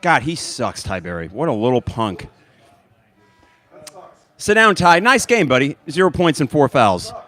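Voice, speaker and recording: A man's voice: medium pitch, measured pace, pauses often. A man hosting a podcast, giving casual live play-by-play of a basketball game while suffering through hot sauces. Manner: animated, pained and laughing from hot sauce. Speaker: podcast host.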